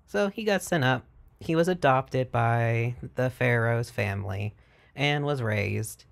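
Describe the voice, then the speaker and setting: A man's voice: mid-range voice, gravelly. A man vlogging in a casual, irreverent and profane way, retelling stories and slipping into mock voices. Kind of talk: casual chat.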